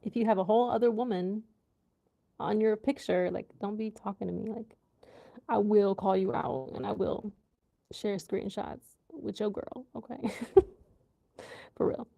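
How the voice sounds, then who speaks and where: A woman from the USA hosts a relaxed livestream from home and talks in a loose, rambling way full of ums and likes. Her voice is mellow and dark, with a gravelly fry underneath. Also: medium pitch, unhurried, pauses often. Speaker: livestream host. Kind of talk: casual live chat with viewers.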